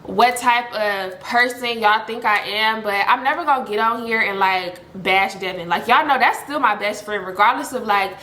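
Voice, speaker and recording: A young woman telling a story in a casual, animated, slangy vlog, talking fast with lots of fillers. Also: mid-range voice, reverberant. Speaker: storytime vlogger.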